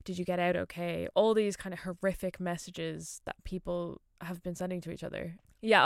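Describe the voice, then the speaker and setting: Woman, podcast co-host, smooth clear voice, dry close sound, chatty and eager. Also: lowish voice, dry recording. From Ireland. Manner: chatty and enthusiastic, with fillers like "kind of". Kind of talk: casual chat.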